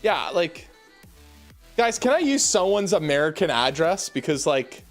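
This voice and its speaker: Over soft background music, a young man from Canada streams casually from his home's basement room. At a measured pace, his fairly high voice is very animated as he excitedly chats with viewers directly, calling them "baby" and "y'all."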